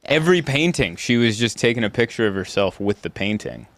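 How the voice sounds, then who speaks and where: A man in his thirties hosting a casual podcast chat, telling stories with animated delivery and frequent laughter. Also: fairly low pitch, a little fast. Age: 30s. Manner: animated storytelling, laughing often. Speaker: podcast host.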